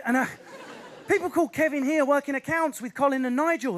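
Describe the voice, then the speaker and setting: Man, Essex accent, high voice, frantic stand-up energy, stage set. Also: noisy background. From Essex, England. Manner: fast, restless, animated delivery with sudden put-on voices. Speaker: stand-up comedian. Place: theatre stage before a live audience.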